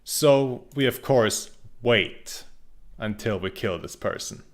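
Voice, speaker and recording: A man's voice: mid-range voice, slow. A young man casually commenting on his gameplay, rambling and joking, with frequent restarts. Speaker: game streamer.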